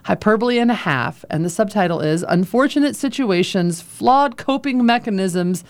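A woman's voice: medium pitch, lively intonation, normal speed, darkish tone, dry recording. Woman library guest on radio, chatty, laughs easily, casual book talk. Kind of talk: casual on-air book recommendations. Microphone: studio microphone.

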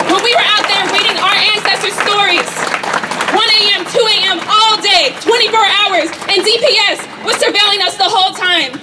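A young woman giving an impassioned protest speech at an outdoor campus rally, firing rhetorical questions at the crowd. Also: extremely high pitch. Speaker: student rally speaker. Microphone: rally sound system. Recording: distant voice over crowd and noise.

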